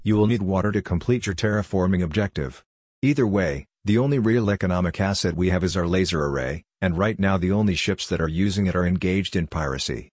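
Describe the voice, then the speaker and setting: A man voicing a calm, coldly logical android envoy who speaks in a level, matter-of-fact way. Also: deep voice, brisk, no room sound, clean studio sound. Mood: explaining.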